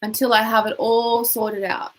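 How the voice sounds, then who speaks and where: A woman guiding a tapping session, calmly giving instructions and phrases for the listener to repeat aloud. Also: a little high, normal speed, rough recording. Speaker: tapping coach.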